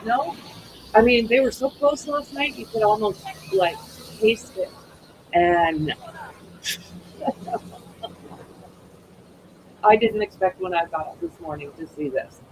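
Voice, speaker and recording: A woman's voice: mid-range voice, slow, pauses often, a little hiss or hum, low-quality recording. A woman hosting a live stream, chatting casually to her viewers as she comments on the news.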